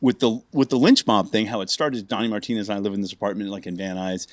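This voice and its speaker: A man in his fifties from Los Angeles, a bassist telling stories in a casual interview, animated and full of fillers. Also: fast talker, dry recording, studio quality. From Los Angeles, USA. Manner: animated storyteller, acts out quoted voices, many fillers. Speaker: bassist guest.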